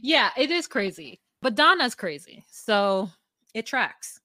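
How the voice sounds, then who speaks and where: A woman's voice: fairly high pitch, big pitch swings, slow, sharp tone, no room sound. A woman co-hosting a reality TV recap podcast, chatty, retelling scenes with quoted dialogue. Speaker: podcast co-host. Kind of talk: casual recap chat.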